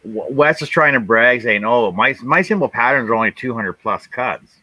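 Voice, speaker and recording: A man from Canada, a panelist on a casual live stream, relaxed and reading out viewers' comments. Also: mid-range voice, moderate pace, husky, no room sound, poor audio. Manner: relaxed, reads out chat comments.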